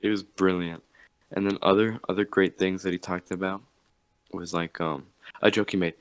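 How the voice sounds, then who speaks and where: A man's voice: low-pitched, steady tone, moderate pace, smooth. A young man hosting a podcast, casually retelling a story with lots of fillers and quoted bits. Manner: rambling, filler-heavy retelling with acted quotes. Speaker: podcast host.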